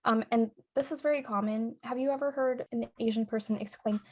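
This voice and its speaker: A woman's voice: fairly high pitch, steady tone, fairly quick. A young adult woman co-hosting a podcast in casual chat, laughing often and tagging her points with "right?" and "okay?". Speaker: podcast co-host.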